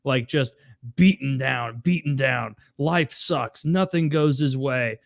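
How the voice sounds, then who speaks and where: A man's voice: mid-range voice, slow, creaky, no echo, clean studio sound. A man co-hosting a podcast, chatting casually about a film and acting out scenes with laughter. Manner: animated storyteller, acts out scenes with laughs. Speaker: podcast co-host. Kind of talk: casual movie review chat.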